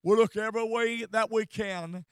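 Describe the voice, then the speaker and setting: A man's voice: sits high, steady tone, moderate pace, clear, resonant tone, no room sound. A man preaching a sermon with fervor, stumbling over and repeating words and crying out praise. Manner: fervent, repeats words, cries out hallelujah.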